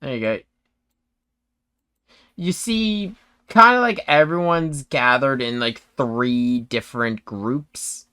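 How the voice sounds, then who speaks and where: GM narrator, hesitant man, mid pitch, dry close mic. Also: sharp tone, clear, resonant tone, no room sound. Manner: halting, full of fillers and restarts. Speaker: game master. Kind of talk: narrating a tabletop game.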